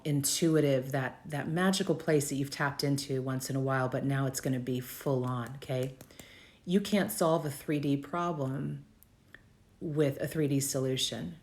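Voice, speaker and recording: A woman in her fifties hosting a live video, talking off the cuff in a casual, riffing way and repeating phrases for emphasis. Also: rumbling low. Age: 50s. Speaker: host of a live video for business owners. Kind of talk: off-the-cuff live stream talk.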